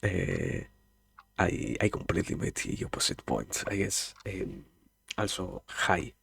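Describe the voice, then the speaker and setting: A man's voice: low voice, lively intonation, unhurried, vocal fry, a bit bright, slightly rough. A man from Argentina with an Argentine Spanish accent, chatting casually with viewers as a streamer, hesitant with many fillers and restarts.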